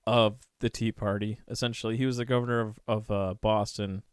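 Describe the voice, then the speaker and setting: A man co-hosting a history podcast, telling the story in an animated, irreverent casual way. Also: lowish voice, brisk, clean tone, no echo, clean studio sound. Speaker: podcast co-host.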